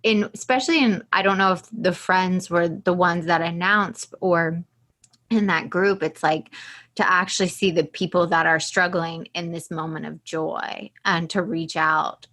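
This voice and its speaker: A woman's voice: fairly low pitch, fairly even intonation, a little slow, fairly bright tone. A woman hosting a podcast, reacting with open emotion and laughing easily in casual conversation. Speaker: podcast host.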